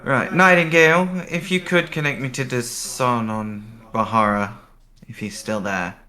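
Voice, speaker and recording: A man voicing a cheerful female starship captain in a tabletop game, talking in a quick, breezy way. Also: medium pitch, fairly even intonation, bright, forceful tone.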